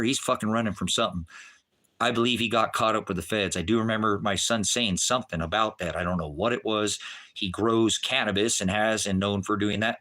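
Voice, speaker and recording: A middle-aged man ranting to his viewers in a profane, rambling way, swinging from low muttering to shouting. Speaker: livestreamer. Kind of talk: agitated direct-to-camera rant.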